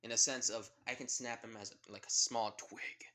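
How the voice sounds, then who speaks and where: A man voicing an arrogant young male hero who talks loudly and boastfully. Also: mid-range voice, fairly even intonation, normal speed, lightly acted. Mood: cocky. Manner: loud and boastful.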